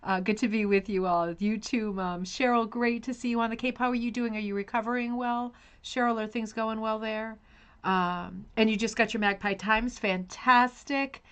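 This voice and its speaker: A woman's voice: on the high side, fairly even intonation, normal speed, clean tone. A woman hosting a craft live stream, chatting casually and greeting viewers by name with scattered, self-interrupting talk. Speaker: host of a rug hooking live stream.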